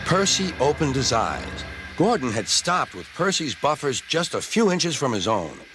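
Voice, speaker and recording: A man narrating a children's train story in a lively storybook manner. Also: normal speed. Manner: lively, very animated pitch. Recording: music underneath.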